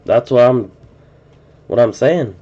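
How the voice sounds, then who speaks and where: Man, live-stream host, casual rambling commentary, warm low-key tone, muffled lo-fi audio. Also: expressive, slow pace, breathy edge. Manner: rambling, musing aloud with restarts. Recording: dull lo-fi stream audio with faint noise.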